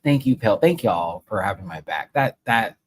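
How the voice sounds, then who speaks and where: A young man chatting casually on a live stream review, excitable and swearing often. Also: lowish voice, moderate pace, slight background noise, low-quality recording.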